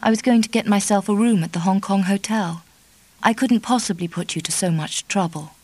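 Storybook figure: reserved young woman, put on by a female narrator, quiet, hushed refusals. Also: mid-range voice, brisk, dry recording, close to an everyday voice. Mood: guarded.

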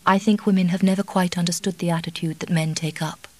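A woman's voice: lowish voice, steady tone, fast talker, darkish tone, lightly acted, rough recording. A woman reading the part of a remorseful, anxious young wife who speaks earnestly and pleadingly.

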